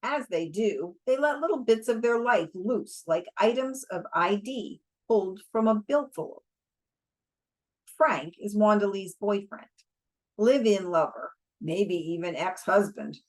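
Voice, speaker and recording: Slow, deliberate woman reading aloud. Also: mid-range voice, lively intonation. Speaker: audiobook reader.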